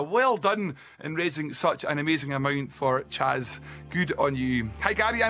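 A Scottish male radio presenter with a fairly high voice chats in a friendly, jokey way, reading out listener requests. A little music plays quietly behind his voice. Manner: chatty, jokey, animated about pronunciations. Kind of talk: casual radio chat reading listener messages.

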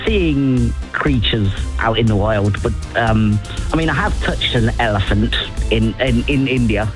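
A man's voice: medium pitch, measured pace, soft background music. A man chatting on a radio show, hesitant and full of fillers but eager. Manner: hesitant, enthusiastic. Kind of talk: casual radio chat.

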